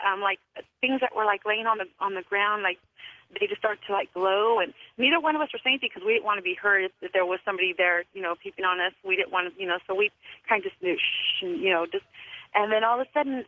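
A woman's voice: medium pitch, no room sound. A woman calling in to a radio show, telling a strange story in a rambling way with many fillers. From California. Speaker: caller. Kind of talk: phone-in storytelling. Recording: tinny phone line.

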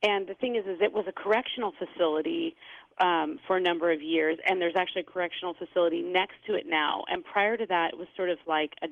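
Woman author on a tinny phone line, gravelly voice, thoughtful and hesitant. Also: lowish voice, quick pace, dry recording. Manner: thoughtful, with many fillers and restarts. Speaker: author guest. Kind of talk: radio interview. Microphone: telephone.

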